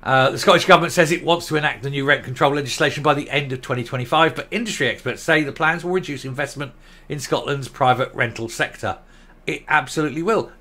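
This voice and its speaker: A man's voice: mid-range voice, fairly bright tone. A man giving ranting commentary, blunt, sarcastic and combative.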